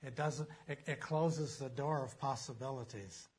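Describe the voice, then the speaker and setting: Husky guy preaching a sermon, leans hard on the words, reads verses slow. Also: medium pitch, darkish tone. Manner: emphatic preaching, slows down to read scripture aloud. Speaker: pastor.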